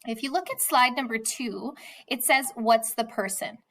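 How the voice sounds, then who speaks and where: A woman's voice: fairly high pitch, moderate pace, fairly bright tone. A woman teaching a reading lesson, walking the class through a worksheet step by step and then reading a novel's chapter aloud, with some hesitant fillers.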